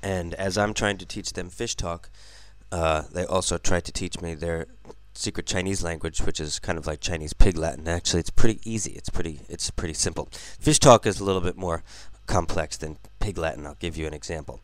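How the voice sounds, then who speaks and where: A man's voice: deep voice, a little fast, hardly any pauses, dry recording. A man narrating his vlog casually, explaining things step by step. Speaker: vlogger.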